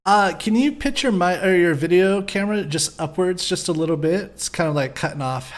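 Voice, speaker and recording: A man's voice: sits high, fairly quick. A man hosting a casual live podcast, rambling and self-deprecating, laughing often as he sets things up. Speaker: podcast host.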